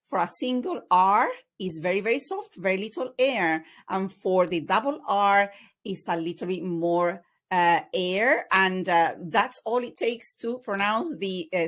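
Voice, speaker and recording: A woman's voice: on the low side, normal speed, fairly bright tone. A woman teaching an online language lesson over slides, explaining patiently with many fillers. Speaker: Spanish teacher.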